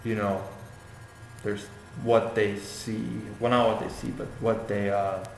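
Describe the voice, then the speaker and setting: A man's voice: lowish voice, little pitch movement, a little slow, creaky. A young man giving a classmate casual spoken feedback on a paper, hesitant, with many fillers and restarts. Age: young adult. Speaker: student giving peer feedback. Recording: echoey room with faint ambient noise.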